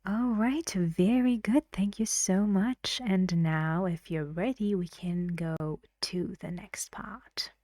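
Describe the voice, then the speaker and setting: A woman's voice: medium pitch, takes it slowly, hardly any pauses, mellow, no room sound, studio quality. A woman teaching English pronunciation in an online lesson, patiently drilling stress patterns and often dropping into a whisper. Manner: chants stress patterns in syllables.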